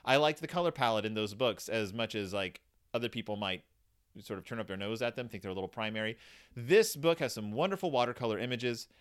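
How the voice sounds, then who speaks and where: A man's voice: lowish voice, a little fast, clean tone. A man from Texas, a host casually reviewing a children's book, chatty and rambling with many fillers and restarts. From United States (Texas).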